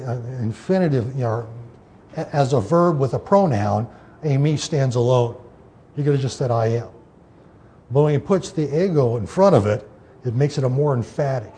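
A man's voice: medium pitch, warm tone, slight background noise. A man teaching an informal Bible study, explaining scripture in a loose way with many fillers and restarts.

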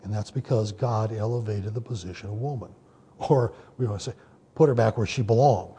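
A man preaching a sermon in a conversational teaching manner, often pausing with "okay" and "you know". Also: fairly low pitch, mellow, husky. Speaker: pastor.

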